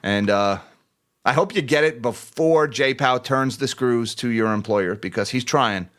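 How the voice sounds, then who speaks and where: A man's voice: mid-range voice, moderate pace, a bit bright. A man hosts a casual finance livestream, joking and laughing easily as he reads out market closes. He talks to viewers directly, thanking them by name in a loose, chatty way.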